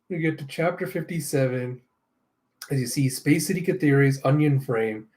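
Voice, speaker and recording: A man casually reading a comic aloud, narrating panels with relaxed asides. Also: medium pitch, measured pace. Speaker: comic readthrough host.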